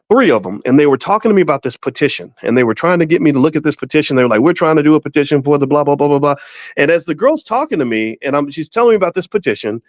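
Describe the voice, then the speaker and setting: A middle-aged man with a slightly high voice gives emphatic, casual commentary to his viewers. He often restarts his sentences and drives points home through repetition. The recording is dry and a bit dull. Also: no echo. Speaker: finance educator and show host. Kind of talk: casual direct-to-camera commentary.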